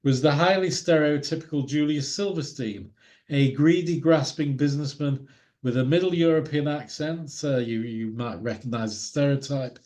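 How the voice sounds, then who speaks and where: A man's voice: a little high, moderate pace, darkish tone. A man giving an illustrated talk with slides, in an opinionated, wry way. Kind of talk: lecture with slides.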